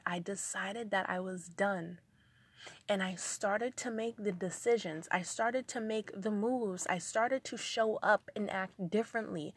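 A woman's voice: mid-range voice, husky, no room sound. A young woman giving an earnest, emphatic motivational talk to her listeners. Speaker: motivational speaker.

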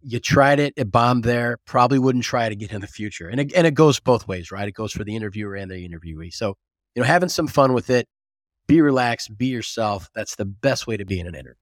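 A man guest on a casual podcast interview, an animated storyteller who restarts often and leans on "you know". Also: medium pitch, fast, no room sound, studio quality. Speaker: guest, agribusiness recruiting consultant.

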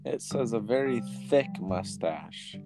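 A man's voice: lowish voice, lively intonation, takes it slowly, music in the background. A man chatting casually about voice acting, using many fillers, and also reading a novel aloud. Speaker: amateur voice actor.

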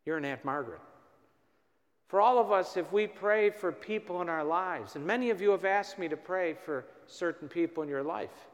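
A priest preaches to his parish in a folksy, storytelling way and slips in gentle humor. His voice sits a little high for a man. The sound rings out with the long reverb of a church. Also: moderate pace. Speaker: priest leading a parish mission. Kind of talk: sermon.

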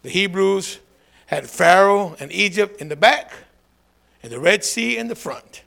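A man preaching a lively call-and-response sermon, swinging from low asides to shouted calls for a response. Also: a little slow, creaky.

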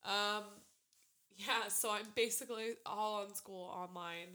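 A woman's voice: mid-range voice, a little slow. A young woman chatting casually among friends, telling long stories with lots of swearing. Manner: animated storyteller, swears freely. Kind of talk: casual chat.

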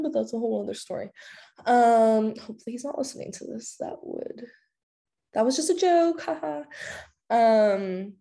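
Woman, podcast host, candid solo chat, frank and jokey, warm mellow tone. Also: mid-range voice.

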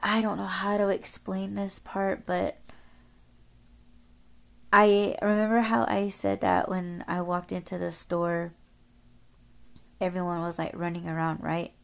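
A woman's voice: fairly low pitch, little pitch movement, measured pace, gravelly, pauses often. A woman podcast host telling a story casually, rambling, swearing often and using lots of filler words.

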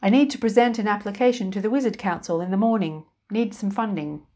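A woman's voice: mid-range voice, fast, warm tone, pitched above the performer's own voice, natural voice. A woman voicing a small, twitchy, frantic man who is a wizard, talking in a jittery, clipped way.

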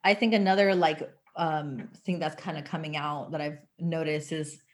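Animated woman speaking frankly in chat. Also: deep voice, moderate pace. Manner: animated, frank, heavy use of "like". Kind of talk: casual political conversation.

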